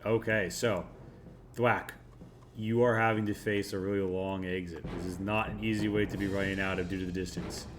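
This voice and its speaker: A man's voice: low voice, flat delivery, normal speed. A man narrating a tabletop game as game master, telling the story dramatically with casual swearing. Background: background music.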